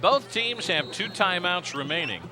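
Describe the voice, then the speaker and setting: A man calling high school football play-by-play, brisk and rising to shouts on big plays. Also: animated, music in the background. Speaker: play-by-play announcer. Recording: noisy outdoor stadium broadcast with crowd.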